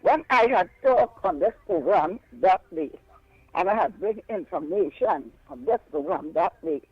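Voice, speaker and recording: A woman's voice: fairly low pitch, lively intonation, a little slow, slightly rough, no room sound. An older woman with a Trinidadian accent calls in to a radio show, insistently repeating her questions. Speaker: caller. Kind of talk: call-in radio complaint. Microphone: telephone. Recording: muffled phone line.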